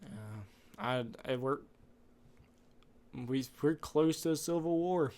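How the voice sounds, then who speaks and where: A man's voice: fairly high pitch, slow, a little mellow. A man hosting a podcast, rambling off script through an opinionated casual monologue. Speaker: podcast host.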